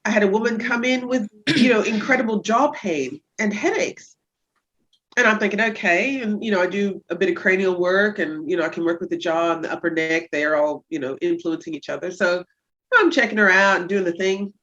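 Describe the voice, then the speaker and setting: A woman chiropractor talking about her patients as a guest on a casual podcast interview, telling stories with lively energy. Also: fairly quick, muffled recording. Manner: lively storyteller who acts out patients in high voices.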